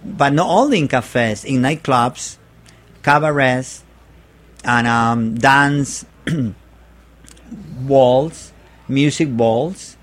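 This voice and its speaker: A man speaking English as a second language, chatting as a guest, halting and repeating words as he searches for phrasing. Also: medium pitch. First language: not English. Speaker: guest artist. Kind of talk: casual interview chat.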